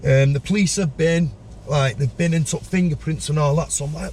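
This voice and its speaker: A man talks through a gritty tale as a podcast guest. His voice sits mellow and dark, and he flicks sharply upward when he plays out other people's words. A faint hiss runs underneath. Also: normal speed. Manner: animated storyteller, acts out voices with sudden high pitch. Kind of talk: storytelling in a podcast interview.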